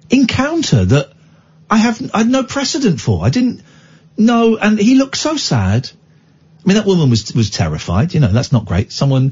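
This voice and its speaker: A man's voice: fairly high pitch, slightly rough. A radio phone-in host, a man, telling a story in casual talk-radio style and acting out the people in it. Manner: lively storyteller who acts out the people in his stories. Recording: dull lo-fi radio broadcast.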